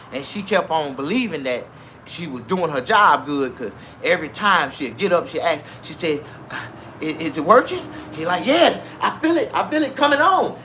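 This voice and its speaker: A man telling a crude comedic story in an animated, repetitive way, laughing at his own tale. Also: fairly high pitch, a little hiss or hum.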